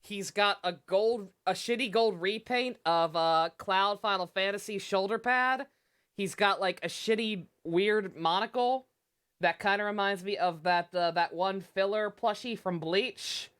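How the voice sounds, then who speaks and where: A woman's voice: mid-range voice, unhurried, a bit bright, clean tone. A young woman streaming a game, chatting casually, swearing and laughing often. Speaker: let's play streamer. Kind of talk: game commentary.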